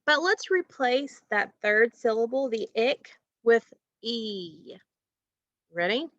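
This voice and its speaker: A woman teacher giving a recorded phonics lesson to children, asking questions and pausing patiently for answers. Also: on the high side, lively intonation, sharp tone, dry recording, muffled recording. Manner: slow, patient, asks questions and pauses for answers.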